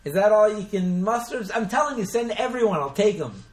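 A man voicing a boastful lone male warrior on a hill, with a put-on heavy accent and a loud, brash taunting delivery. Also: high-pitched, lively intonation, brisk, reverberant, pitched above the performer's own voice.

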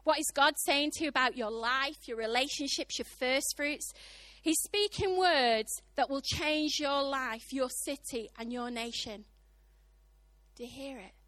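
A woman preacher with a British accent, high-pitched and bright, delivering a lively sermon. She is middle-aged and throws herself into the voices in her stories. The sound is close and dry. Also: measured pace, no room sound. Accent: British English. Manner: animated, acts out voices of God and others.

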